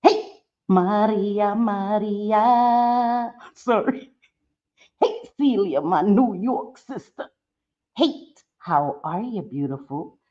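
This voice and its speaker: A woman's voice: medium pitch, drawn-out words. A woman hosting a casual livestream, chatting and greeting her viewers by name. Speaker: livestream host. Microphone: computer mic on a livestream. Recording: dull lo-fi stream audio.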